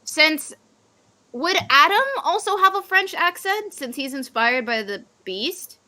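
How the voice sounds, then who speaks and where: A woman in a casual livestream chat, giggly and quick to jump in. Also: high voice, animated, pushed and bright. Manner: giggly, jumps in.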